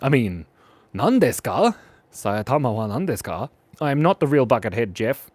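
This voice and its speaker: A man's voice: medium pitch, animated, a little fast, no room sound. A playful man hosting a live drawing stream. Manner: playful and goofy, reads out viewer comments. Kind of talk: casual live-stream chat while drawing.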